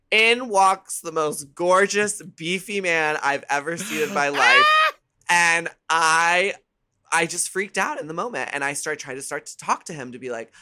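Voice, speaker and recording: A woman as a podcast guest, telling candid, bawdy stories in a casual, animated way. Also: sits low, moderate pace. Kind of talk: casual storytelling chat.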